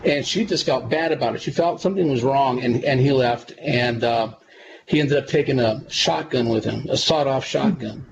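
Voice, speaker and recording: A man, a psychic medium guest on a radio interview, telling stories in a relaxed, rambling way and repeating himself. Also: mid-range voice, normal speed. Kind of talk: conversational radio interview storytelling. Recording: dull lo-fi sound with clear background noise.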